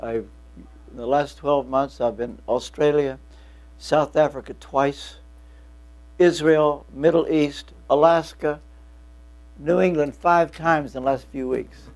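A man's voice: on the high side, fairly even intonation, takes it slowly, pauses often, a little mellow. A man in his seventies preaching a sermon to a congregation, folksy and joking, with a lingering cough. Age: 70s. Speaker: pastor.

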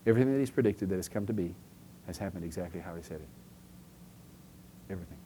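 A low-pitched man talks fast and animatedly, preaching a conversational sermon over a noisy background. His manner is chatty; he keeps asking "okay?" and acts out small, everyday scenes to make his case.

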